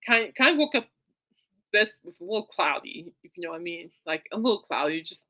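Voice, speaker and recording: A woman hosting her own podcast, rambling excitedly in a casual monologue full of fillers and restarts. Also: lowish voice, fairly quick. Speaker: podcast host.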